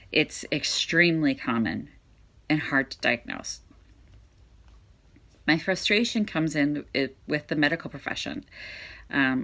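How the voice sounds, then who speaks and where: Hoarse woman host, candid talk to camera, frank and exasperated, bright edge to the voice. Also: deep voice. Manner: frank and exasperated, talks directly to viewers. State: hoarse, voice fading in and out. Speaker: vlog host.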